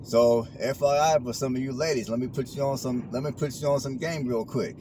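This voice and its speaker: A man vlogs from his car as he drives, with car noise in the background, handing out preachy advice in casual slang and repeating his points. His mid-range voice is fairly even in intonation and a little fast.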